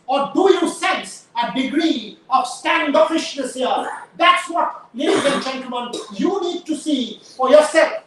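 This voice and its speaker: A woman's voice: sits high, measured pace, few pauses. A woman host giving impassioned live commentary, emphatic and rhetorical, firing pointed questions. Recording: very echoey, distant mic.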